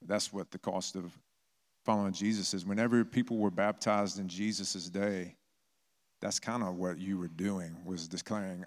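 A man's voice: deep voice, fairly even intonation, normal speed. A man preaching a sermon as a pastor, telling stories in a conversational way. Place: church. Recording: long reverb of a church hall.

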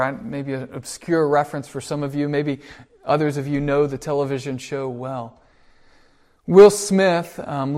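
Earnest male preacher, slightly high voice. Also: a little mellow. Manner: earnest storytelling, slows on key phrases. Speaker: pastor. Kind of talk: sermon.

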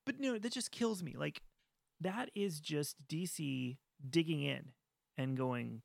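Gravelly, ranting podcast man. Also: fairly high pitch, takes it slowly, dry recording. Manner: animated, ranting, mocks studio execs in voiced asides. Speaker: podcast co-host. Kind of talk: casual chat.

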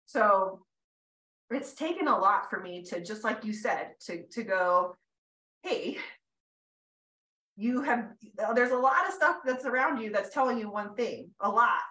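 Bright-voiced woman, teary and rambling. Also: mid-range voice, expressive, a little slow, roomy sound, rough recording. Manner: rambling, emotional, laughs often. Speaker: podcast host. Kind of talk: casual chat.

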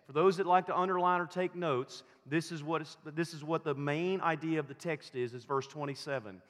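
A man preaching a sermon in a slow, emphatic style, repeating his key phrases for weight. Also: a little high, fairly even intonation, a bit bright, in a large hall. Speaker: pastor.

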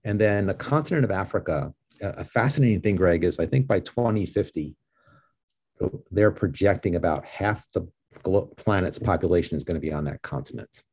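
A man's voice: deep voice, expressive, brisk, a little mellow, slightly rough. A man from New York, a guest in a casual interview, speaking earnestly with frequent restarts. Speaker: guest, ministry leader.

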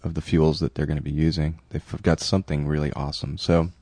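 A man's voice: very deep voice, flat delivery, fast talker, darkish tone, no room sound. A man co-hosting a casual radio show, reading news stories with many fillers and restarts and joking with his co-hosts. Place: radio studio.

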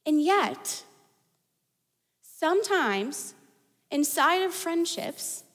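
A woman pastor preaches in a high, bright voice, chatty and loose, with lots of casual fillers. Her words ring out with a long reverb, as in a large church auditorium. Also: expressive, very slow. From United States. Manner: conversational, storytelling with fillers like "like". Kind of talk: sermon.

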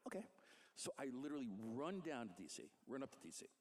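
A man, a comic book artist, telling a career story in a casual, animated way and acting out the people he quotes. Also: mid-range voice, quick pace, background noise.

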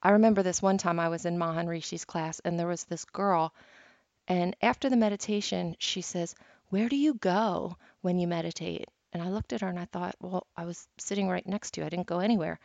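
A woman's voice: fairly low pitch, steady tone, brisk, creaky, a little mellow, no room sound. A woman hosting a meditation podcast, teaching in a casual, chatty way and telling stories with frequent laughs, on a dull, lo-fi recording. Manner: chatty, storytelling, laughs often.

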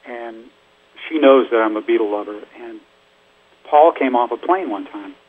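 Heard over a phone-like line, an older musician guest speaks at normal speed in a medium-pitched voice. He tells stories casually in an interview, rambling and chatty, with plenty of fillers.

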